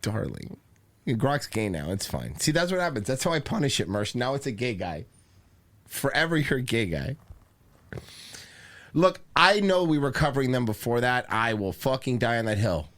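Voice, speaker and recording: Excitable, swearing podcast host. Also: male voice, mid-range voice, moderate pace. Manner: combative, profane, excitable. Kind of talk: casual chat.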